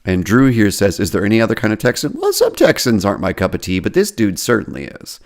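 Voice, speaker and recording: A man's voice: on the low side, wildly swooping pitch, quick pace. A man hosting a podcast, casually reading and commenting on social media posts with self-deprecating asides. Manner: self-deprecating, chatty, lots of restarts. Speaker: podcast host and therapy professor.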